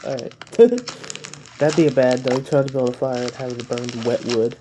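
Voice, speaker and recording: Mellow rambling man reacting to a video. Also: medium pitch, moderate pace, slight background noise. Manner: rambling, swears, self-mocking jokes. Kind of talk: casual reaction commentary.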